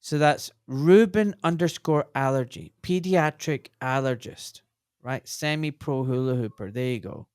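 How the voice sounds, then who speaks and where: A man's voice: mid-range voice, a little slow, darkish tone, smooth, no room sound. A man in his forties, a doctor and podcast guest, telling stories bluntly and animatedly, swearing freely in casual conversation.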